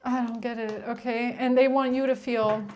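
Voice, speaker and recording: Woman, tarot reader, high voice, blunt, exasperated, swears, rambling casual monologue. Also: flat delivery, moderate pace, a little mellow. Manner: rambling, with frequent restarts and filler "like".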